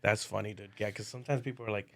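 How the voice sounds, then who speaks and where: A man's voice: fairly low pitch, fairly even intonation, racing, gravelly, fairly bright tone, no echo. A man who is a comedian, a guest on a casual podcast, talking in a laid-back way with lots of "dude" and "man.".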